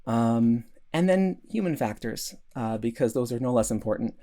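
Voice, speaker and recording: A man's voice: mid-range voice, animated, moderate pace, mellow. A man giving a recorded conference talk, earnest, with many restarts and fillers. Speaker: conference speaker.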